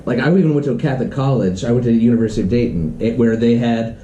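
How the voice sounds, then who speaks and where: A man co-hosting a podcast, telling a story in an animated, frank and profane way, heard on an echoey camera mic. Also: medium pitch, rapid-fire, highs cut off, a little hiss or hum. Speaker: podcast co-host. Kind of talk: casual podcast chat.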